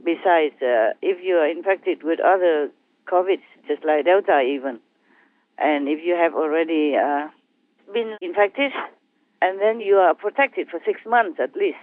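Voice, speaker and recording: A woman speaking as a spiritual teacher, talking gently and in a rambling way with hesitations. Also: lowish voice, unhurried, no room sound. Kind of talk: casual talk over a phone line. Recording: tinny phone line, dry.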